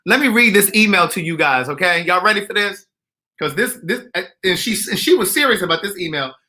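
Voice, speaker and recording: Male vlogger: sassy, teasing, bright and forceful, a touch high, chatting at home. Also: brisk. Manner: sassy, teasing, animated storytelling with laughs. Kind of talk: casual comedic vlog. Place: indoors at home.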